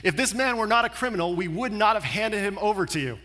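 A man's voice: sits high, animated, fast, pushed and bright. A man voicing scheming religious leaders who sound insistent and defensive.

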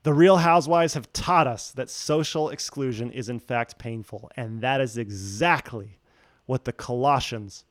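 A man's voice: mid-range voice, no echo, studio quality. A man preaching a sermon, telling a story with jokes and acting out the quoted voices. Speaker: pastor.

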